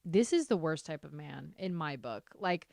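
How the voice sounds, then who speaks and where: A woman's voice: deep voice, moderate pace, gravelly, dry recording, studio quality. A young adult woman hosting a podcast, reading online stories aloud and breaking off into heated, profane reactions. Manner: animated, swears often, reacts heatedly while reading. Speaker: podcast host. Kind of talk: casual podcast chat reading reddit stories.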